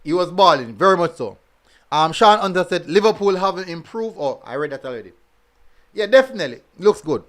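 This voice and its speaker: A man's voice: high voice, expressive, fairly quick, fairly bright tone. A man hosting a casual football review stream, reading chat comments and talking in a chatty way, full of fillers and repeated phrases.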